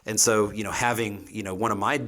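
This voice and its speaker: Man, very low voice, chef guest, casual rambling talk, lots of fillers. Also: fairly even intonation, fast, bright, forceful tone. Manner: rambling, frequent "you know" fillers.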